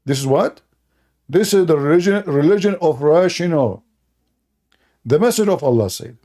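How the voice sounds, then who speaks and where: Man, higher voice, mellow tone, sarcastic commentary, broken English. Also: lively intonation, moderate pace, long pauses. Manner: sarcastic, mocking, laughs at own points; broken, non-native English grammar. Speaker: online religion critic. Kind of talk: mocking commentary monologue.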